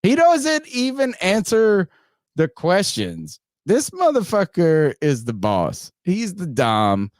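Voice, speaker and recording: A man hosting a sports podcast, riffing in a casual, profane and animated way. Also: sits high, slow pace, dry recording, studio quality. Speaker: podcast host.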